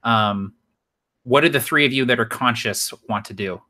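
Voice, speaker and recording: A man's voice: medium pitch, moderate pace, bright, forceful tone. A man running a tabletop game as game master, narrating scenes with enthusiasm and tossing in self-deprecating jokes.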